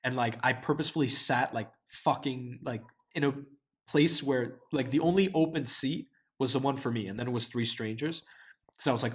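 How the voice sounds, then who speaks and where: A man's voice: mid-range voice, normal speed. A man in his twenties talking casually to camera in a reflective vlog, with heavy slang, frequent swearing and constant fillers of "like". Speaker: vlogger.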